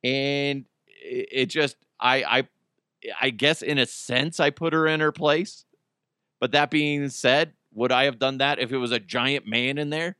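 A man in his thirties hosting a podcast, telling a story in casual chat, animated and profane, with his voice jumping up in outbursts, on a close microphone. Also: medium pitch, unhurried, dry recording. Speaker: podcast host. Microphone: close studio microphone.

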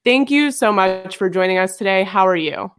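A woman's voice: mid-range voice, moderate pace, slight background noise. Woman co-hosting a sports podcast. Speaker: podcast co-host. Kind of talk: casual podcast talk.

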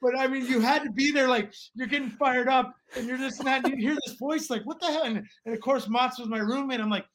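A man in his forties, a former pro hockey player from Alaska, telling stories in a rambling, animated way with many restarts. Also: extremely high pitch, brisk, few pauses, slight background noise. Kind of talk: casual storytelling interview.

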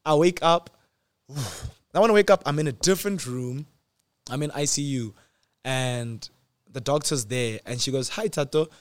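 A man in his twenties telling a personal story in casual chat, animated, acting out quotes with sudden jumps in pitch and loudness. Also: normal speed, dry recording. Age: 20s. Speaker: host.

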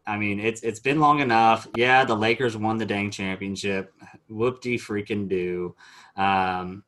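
A man's voice: lowish voice, fairly even intonation, a little slow, fairly bright tone. A man hosting a casual sports podcast, loose and joking, with lots of filler words. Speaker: podcast host.

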